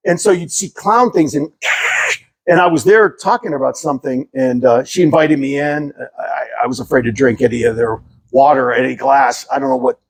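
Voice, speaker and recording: A middle-aged man with a Pittsburgh accent, telling lively anecdotes in casual chat and acting out the people in them. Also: mid-range voice, normal speed, vocal fry, husky. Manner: animated, laughing, acts out voices in anecdotes. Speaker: artist telling stories.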